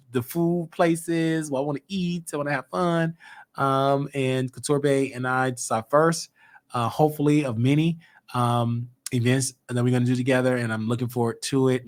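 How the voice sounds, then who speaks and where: A man's voice: a little high, fairly bright tone. A man hosting a casual commentary monologue, talking emphatically with rhetorical questions. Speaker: host.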